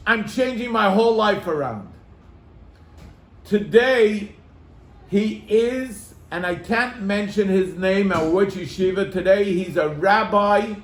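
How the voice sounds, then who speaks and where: Animated storytelling rabbi, high voice. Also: male voice, roomy sound. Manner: animated, acts out quoted voices. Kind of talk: storytelling to a congregation.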